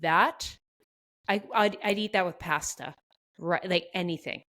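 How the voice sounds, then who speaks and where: A woman with a Canadian accent, co-hosting a podcast in quick, animated casual chat with frequent laughs. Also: fairly low pitch. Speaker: podcast co-host.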